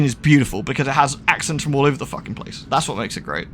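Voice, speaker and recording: A man's voice: mid-range voice, expressive, fast, slight background noise. A man with a West Country English accent, chatting casually and rambling while he streams a game. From England. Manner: chatty, rambling, lots of fillers and restarts. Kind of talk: casual gaming commentary.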